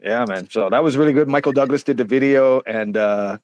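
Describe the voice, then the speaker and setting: A man's voice: mid-range voice, fairly quick, a little mellow. A middle-aged man telling stories in a casual interview, rambling with many fillers and restarts. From Canada. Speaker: interview guest, rapper.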